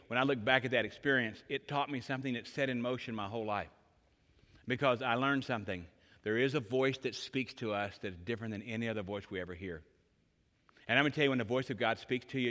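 A man in his sixties preaching an Easter sermon, telling stories and swinging between loud emphatic lines and hushed ones, in a large church. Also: mid-range voice. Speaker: pastor. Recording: long hall reverb.

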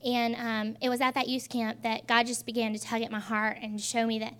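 A woman in her twenties telling her personal faith testimony in an earnest, halting way with many pauses. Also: on the high side, little pitch movement, smooth. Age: 20s. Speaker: testimony speaker.

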